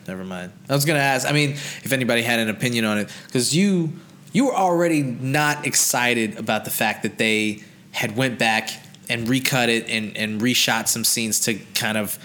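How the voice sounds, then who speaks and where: A man's voice: mid-range voice, pushed and bright, slight background noise. Give me a man hosting a casual podcast, talking in loose rambling bursts. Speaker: podcast host. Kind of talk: casual chat.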